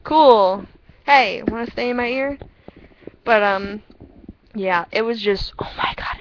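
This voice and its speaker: Rambling, excitable young woman on a headset. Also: medium pitch, slow pace, lo-fi sound, slight background noise. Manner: rambling, excitable, laughs at own stories. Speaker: storyteller chatting with a friend. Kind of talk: casual storytelling chat. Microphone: earpiece headset.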